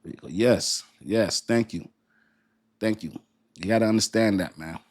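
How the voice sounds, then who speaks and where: A young man hosting a casual crypto livestream, reading viewer comments aloud in a lively, colloquial way and laughing often. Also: lowish voice, moderate pace.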